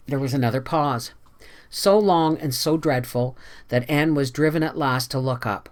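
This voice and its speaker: A reader giving a measured, expressive narration of a classic novel. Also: mid-range voice. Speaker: audiobook narrator. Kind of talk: scripted narration.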